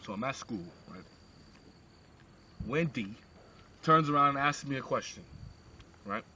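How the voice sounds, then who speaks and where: Animated young man telling a crude comic story. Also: mid-range voice, measured pace, highs cut off, slight background noise. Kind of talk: rambling comic shaggy-dog story.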